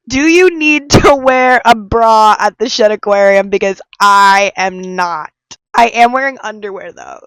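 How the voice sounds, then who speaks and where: A woman's voice: a little high, fairly bright tone, no room sound. A woman in her twenties from Chicago, rambling emphatically in a casual vlog monologue, often repeating herself. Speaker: vlogger. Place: aquarium visit, handheld vlog.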